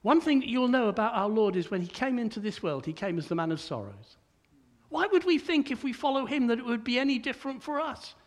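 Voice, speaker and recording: Older male preacher, very high voice, chatty sermon full of stammered restarts.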